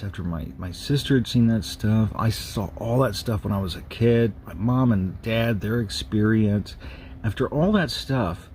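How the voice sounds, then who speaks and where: A man telling a personal ghost story in a slow, measured, halting way, with pauses and restarts. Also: mid-range voice, darkish tone, slight background noise. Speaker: narrator of a paranormal recording series.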